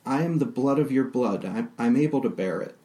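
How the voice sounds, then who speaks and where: A man voicing a proud, determined young woman warrior in a tabletop game, raising his voice higher for her. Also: expressive, brisk, mellow, close to an everyday voice.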